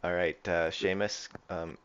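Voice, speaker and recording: A man running a tabletop game as game master, talking haltingly with many fillers. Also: low-pitched, flat delivery, clear, resonant tone, lo-fi sound.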